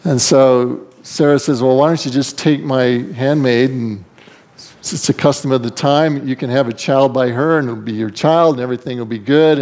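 A male pastor preaching a sermon in a lively storytelling manner, acting out characters with big swings in pitch. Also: creaky.

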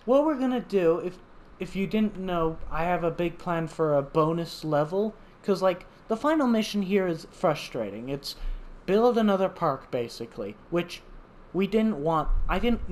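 A man giving casual, playful commentary while playing a video game, chatting to the animals on screen and thinking out loud. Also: high voice, expressive, moderate pace. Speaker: gaming channel host.

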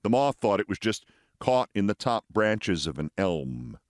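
A theatrical man in his sixties reads fables aloud, letting his pitch rise and fall widely. His delivery is expressive and deliberate. The sound is close and dry with no room echo. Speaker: host.

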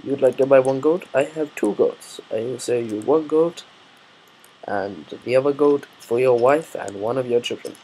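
A man's voice: mid-range voice, normal speed, dark tone, slight background noise, close to an everyday voice, low-quality recording. A man voicing a pushy male goat seller at a market, with a put-on Middle Eastern accent and exaggerated salesman patter. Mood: haggling.

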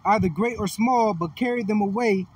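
A man reading scripture aloud at a bible study in a steady manner. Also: sits high, moderate pace. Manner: steady reading, short affirmations. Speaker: scripture reader. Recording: distant mic with light noise.

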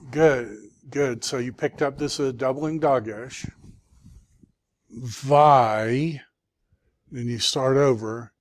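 Slow, patient man teaching Hebrew. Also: medium pitch, no room sound. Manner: patient, sounds words out syllable by syllable. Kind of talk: classroom review lesson.

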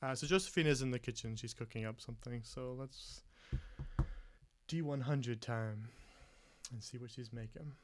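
A man narrating as game master of a tabletop game, relaxed and chuckling, with many pauses. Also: medium pitch.

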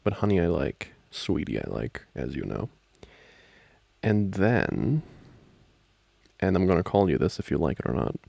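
Deep, creaky man in whispered role-play. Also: sing-song, measured pace, pauses often, dry recording. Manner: soft-spoken, playful, laughs often. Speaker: ASMR boyfriend role-play creator.

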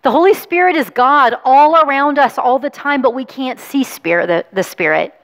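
A woman pastor with a fairly high voice reads the gospel and talks gently to children. She coaxes and encourages them. Her voice carries a long reverb through a church sanctuary. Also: animated, moderate pace. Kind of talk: gospel reading and children's sermon.

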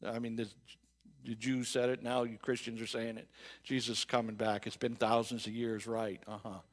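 Speaking at a moderate pace with a medium, level voice, a pastor preaches in a church sanctuary. His talk is conversational, full of restarts and repeated words, and shifts between loud emphatic outbursts and calm, reflective moments.

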